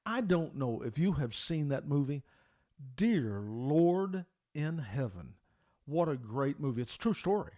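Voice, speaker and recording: A man's voice: fairly high pitch, expressive, a little fast, few pauses, darkish tone. A middle-aged male pastor preaching a sermon, telling stories in an emphatic, folksy way with frequent restarts.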